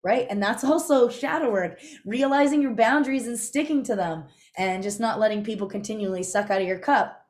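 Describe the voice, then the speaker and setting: A young adult woman teaching a live online class in a chatty, conversational way, often checking in with her listeners. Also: medium pitch. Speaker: instructor. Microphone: video call.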